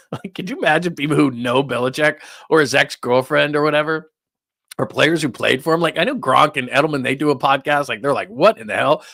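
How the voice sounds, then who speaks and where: Rambling incredulous middle-aged man, bright tone. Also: a little high, fairly quick, creaky, no echo, studio quality. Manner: rambling, incredulous, stammering restarts. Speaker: sports talk host. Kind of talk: casual sports talk rant.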